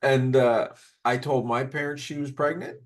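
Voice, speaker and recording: A man's voice: medium pitch, steady tone, normal speed. Podcast co-host, fifties, man; candid, rambling storyteller with a mid-range voice. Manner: candid, rambling, emotional, swears freely. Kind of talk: casual storytelling chat.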